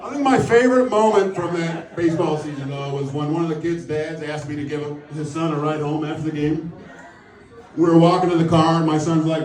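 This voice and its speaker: The audience laughs along as a middle-aged comedian, slightly high-voiced, brisk and a little mellow, runs through a dry, self-mocking set laced with profanity. The club stage recording sounds roomy, with the mic set well back.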